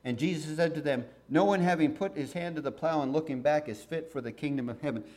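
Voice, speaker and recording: Speaking fast in a slightly high voice, a middle-aged man gives a sermon. He reads from scripture and follows it with lively, conversational commentary.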